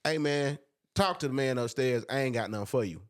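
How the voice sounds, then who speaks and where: A man's voice: medium pitch, a little fast, dry recording, clean studio sound. A man co-hosting a faith podcast, reading scripture aloud and breaking it down in casual, slangy talk. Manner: preachy, reads scripture aloud, drawls with slang. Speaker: podcast co-host.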